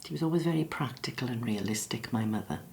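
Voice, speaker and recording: An actress playing a bereaved middle-aged South Welsh woman who speaks in a halting, reflective way and apologizes as she comes close to tears. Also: very deep voice, lively intonation, vocal fry, darkish tone, full character voice. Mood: sorrowful. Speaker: bereaved daughter interviewed in her office. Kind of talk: filmed drama monologue. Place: quiet office after hours.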